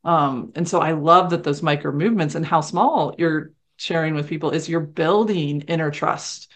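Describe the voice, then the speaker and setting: A woman's voice: low-pitched, moderate pace. A woman hosting a casual podcast conversation, affirming her guest and reflecting on coaching practice.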